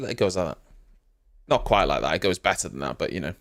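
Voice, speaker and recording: Male live-stream host, casual reaction chat, rambling and self-mocking, pitch swinging up and down a lot. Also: huge pitch swings, quick pace, gravelly, fairly bright tone.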